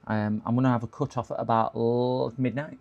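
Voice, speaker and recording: Male livestream host, casual rambling chat, voice going hoarse. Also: mid-range voice, level tone, a little fast, a little mellow, lo-fi sound. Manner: chatty, rambling, laughs at his own jokes. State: voice going hoarse, clearing throat. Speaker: livestream host repairing computers. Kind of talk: casual live-stream chat.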